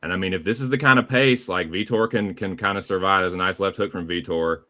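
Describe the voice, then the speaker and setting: A man's voice: sits low, fast talker, bright, forceful tone. A man with a Southern US accent calling live fight action play by play, casual and profane. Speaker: play-by-play commentator.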